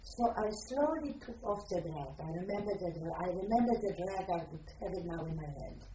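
An older woman from Poland, giving personal testimony in a reflective, halting way as she searches for words. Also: lowish voice, expressive, mellow, a little hiss or hum. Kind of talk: personal testimony, recalled aloud. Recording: distant roomy lo-fi recording.

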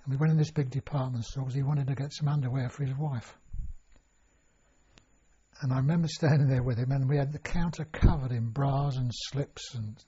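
A man's voice: mid-range voice, steady tone, normal speed, dark tone, slight background noise. An older man telling a long personal story in an oral history interview, rambling and full of fillers and restarts. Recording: dull lo-fi recording.

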